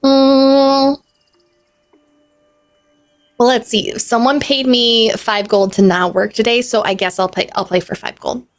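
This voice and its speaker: A woman's voice: a little high, steady tone, measured pace, long pauses, faint music behind, natural voice. A woman voicing a competitive, teasing dice player in a tabletop game role-play.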